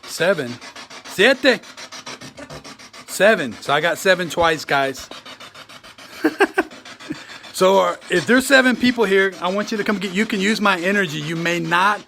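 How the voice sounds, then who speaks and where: A man investigating alone inside an old train car, talking excitably in slang and calling out to spirits. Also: high voice, a little fast, vocal fry, few pauses. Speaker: paranormal investigator. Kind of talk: ghost-hunting vlog narration.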